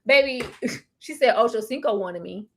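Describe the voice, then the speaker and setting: A woman co-hosting a casual comedic chat, animated and playful, laughing often and bursting into loud outbursts. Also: on the high side, moderate pace, slight background noise. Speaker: co-host.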